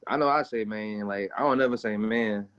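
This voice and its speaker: A man's voice: fairly low pitch, fairly quick. A young adult man, joking around in a laid-back, slangy way as a guest in a casual chat over a video call. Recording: dull lo-fi video call audio.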